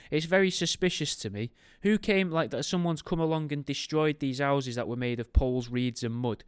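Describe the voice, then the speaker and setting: Man, podcast host, reading a book aloud, wry joking asides, smooth clear voice, dry close recording. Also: medium pitch, dry recording. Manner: wry, goes off on tangents, makes jokey asides while reading.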